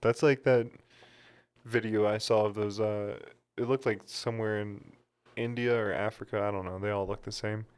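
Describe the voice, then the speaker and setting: A man co-hosting a podcast, bantering in a loose, offhand, dark-humored way. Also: lowish voice, steady tone, normal speed, smooth. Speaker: podcast co-host. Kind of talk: casual chat.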